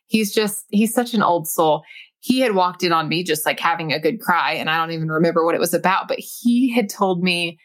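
A woman in her thirties hosts a casual interview and tells stories with animated enthusiasm. Her voice is a bit lower than most women's. Her tone stays lively throughout. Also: brisk. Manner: warm, animated, enthusiastic storytelling. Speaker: host.

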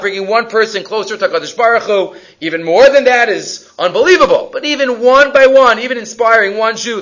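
Animated man teaching Torah, high bright voice, emphatic delivery. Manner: animated, emphatic, mixes Hebrew and English. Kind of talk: Torah class on the weekly portion.

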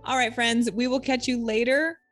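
A middle-aged woman co-hosting a podcast, telling stories in a lively, chatty way and laughing often. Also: a little high, normal speed, soft background music. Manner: animated storyteller, laughs often. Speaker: podcast co-host. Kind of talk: casual chat.

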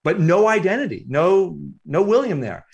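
A man, an author guest, telling a reflective story in an interview, unhurried and halting with fillers. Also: high-pitched, sing-song, gravelly, highs cut off.

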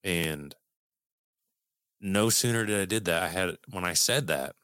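Middle-aged man, low smooth voice, dry close recording, earnest storyteller who swears freely. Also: a little slow, pushed and bright, no echo. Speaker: guest telling a personal story. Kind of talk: casual storytelling.

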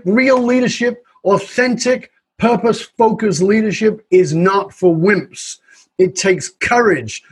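Animated husky-voiced male speaker. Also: high-pitched. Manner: animated, acts out voices in anecdotes. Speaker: author and leadership speaker. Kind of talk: storytelling in conversation.

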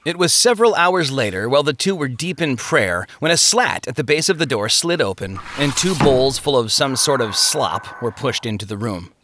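A man narrating a story in an expressive storytelling style. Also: medium pitch, moderate pace, hardly any pauses. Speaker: audiobook narrator. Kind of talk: scripted narration.

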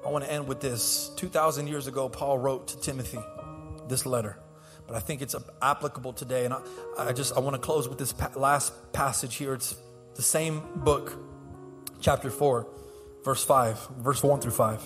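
A man preaching a sermon as pastor to his church, impassioned, swinging between soft and loud and repeating words. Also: medium pitch, steady tone, moderate pace, in a large hall, music in the background. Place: church sanctuary.

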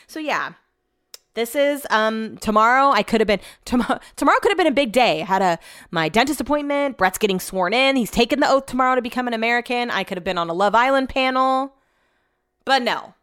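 Chatty woman podcaster, smooth dry voice. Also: a little high, brisk, no echo. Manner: chatty, animated, swears when annoyed. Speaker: podcast host. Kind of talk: casual storytelling monologue.

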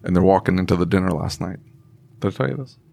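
A man's voice: low voice, quick pace, creaky, mellow. A man co-hosting a live podcast, teasing his partner and telling shop stories. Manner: teasing storyteller. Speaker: podcast co-host.

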